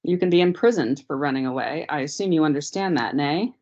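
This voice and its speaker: A woman's voice: sits low, a little fast, a little mellow. A woman reading aloud, voicing a polite but grave, self-important male police officer in his thirties, on dull lo-fi meeting audio.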